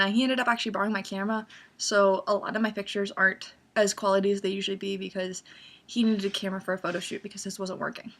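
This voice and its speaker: A young woman vlogging in a casual, storytelling way, animated and acting out her own excitement as she recounts events. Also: mid-range voice, slight background noise.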